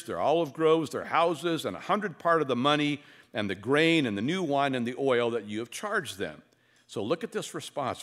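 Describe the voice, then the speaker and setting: Animated pastor man preaching. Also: medium pitch. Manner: animated, wry humor with dramatic pauses. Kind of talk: expository sermon.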